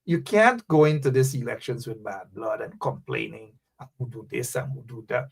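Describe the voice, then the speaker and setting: A man's voice: medium pitch, normal speed, vocal fry, breathy edge. A man hosting live political talk radio, reading out viewer comments and urging listeners with repeated phrases. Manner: animated, preachy, calls out names, repeats phrases for emphasis. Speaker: radio show host.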